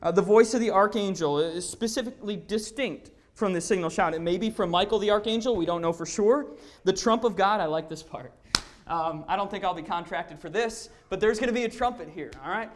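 Earnest preacher teaching through a bible passage, stumbles and restarts a lot, reads old-style scripture out loud. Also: mid-range voice, fairly quick. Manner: earnest, emphatic, often restarts with repeated "and, and"; reads scripture aloud in old-fashioned wording. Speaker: lay preacher in a church service. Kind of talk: sermon, verse-by-verse Bible teaching.

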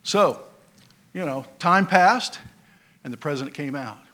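A man's voice: fairly high pitch, measured pace. Folksy storytelling male pastor. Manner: folksy storytelling with many fillers; swings between loud emphasis and quiet asides. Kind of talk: sermon.

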